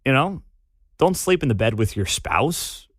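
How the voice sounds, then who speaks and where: A man's voice: medium pitch, big pitch swings, a little slow, no room sound. A man hosting a talk radio show, sarcastic and scornful in an opinionated monologue at a studio mic. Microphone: studio microphone.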